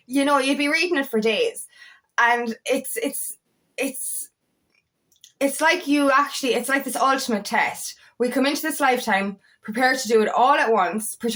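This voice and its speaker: A young woman, a coach talking excitedly and rambling, swearing freely as she speaks to camera. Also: on the high side. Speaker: empowerment coach. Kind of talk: casual talking-to-camera monologue.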